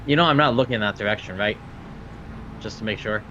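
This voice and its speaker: A man playing a tabletop game, deliberately explaining what his character does. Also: on the low side, bright, forceful tone, slight background noise. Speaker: player. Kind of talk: casual tabletop play. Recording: dull lo-fi audio.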